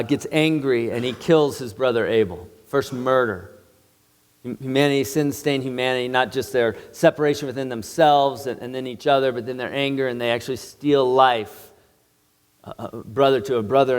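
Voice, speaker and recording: A man's voice: medium pitch, clear, resonant tone, in a large hall. A male pastor preaching a sermon in an earnest, emphatic way, in a church sanctuary.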